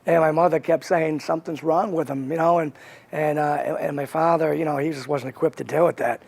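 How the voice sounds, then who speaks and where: A man as an interview guest, recounting his past in a halting way with many fillers and restarts. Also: a little high, fairly even intonation, vocal fry, a little mellow. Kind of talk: candid interview storytelling.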